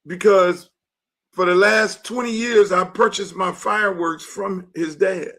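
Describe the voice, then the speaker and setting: A high-pitched, bright-toned man from Miami hosts an unfiltered sports podcast. He rants with fired-up, profane energy. He often bursts into shouted, acted-out quotes. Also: fairly even intonation, a little slow. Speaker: podcast host. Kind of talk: unfiltered sports commentary monologue.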